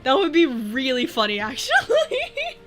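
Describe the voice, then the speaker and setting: A woman streaming as a VTuber, chatting casually and reading viewer messages, rambling and breaking into loud laughs. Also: sits high, wildly swooping pitch, unhurried, soft background music.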